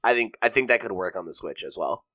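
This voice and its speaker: A man co-hosting a casual gaming podcast, jokey and quick to swear and laugh. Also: lowish voice, expressive, bright, forceful tone, no room sound. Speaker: podcast co-host leading the news segment.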